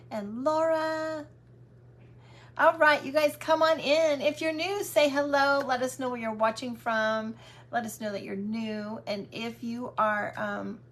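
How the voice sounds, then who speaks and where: A woman's voice: high voice, a little hiss or hum. A woman hosting a craft livestream, chatting in a casual, affectionate and welcoming way. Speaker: craft channel host.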